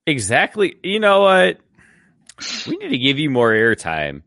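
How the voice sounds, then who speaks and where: A man's voice: a little high, huge pitch swings, unhurried, vocal fry, fairly bright tone, no room sound, studio quality. A man hosting a podcast, teasing his co-hosts with wry interjections in casual banter. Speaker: podcast host.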